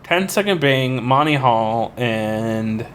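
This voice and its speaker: A man co-hosting a casual podcast, playful and quick to laugh while answering trivia. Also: mid-range voice, expressive, fairly bright tone, slight background noise. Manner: playful, laughs often, tries silly put-on accents. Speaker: co-host and trivia contestant.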